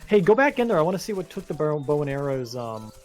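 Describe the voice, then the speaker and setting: A fast-talking man with a slightly high, sing-song, somewhat mellow voice co-hosts a let's-play over faint background music. His gameplay chat is casual and wry, drifting into rambling stories with frequent restarts.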